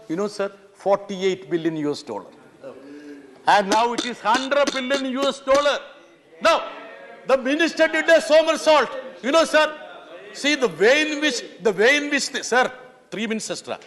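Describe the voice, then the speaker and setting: MP, very high voice, fiery floor speech with bursts of shouting, echoing chamber. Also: male voice. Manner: impassioned, keeps pleading "sir", sometimes shouting. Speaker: member of parliament. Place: large parliament chamber. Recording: long reverb of a large chamber.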